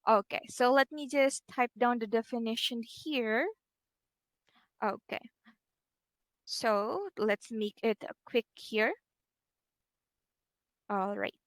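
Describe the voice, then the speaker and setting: Slow, high-voiced, encouraging woman teacher. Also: no echo. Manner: patient and encouraging, repeats words slowly for the student; narrates her screen actions with fillers. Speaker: English teacher. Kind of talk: online one-on-one English lesson.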